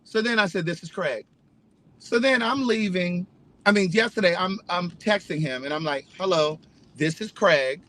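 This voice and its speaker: Indignant storytelling man, raised pitch. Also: normal speed, a bit bright. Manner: emphatic, indignant, profane storytelling; addresses viewers directly. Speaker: vlogger. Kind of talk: casual storytelling to camera.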